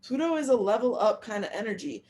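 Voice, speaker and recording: A woman's voice: on the high side, lively intonation, fast talker, darkish tone. A woman astrologer giving a casual, slangy horoscope reading while she paints.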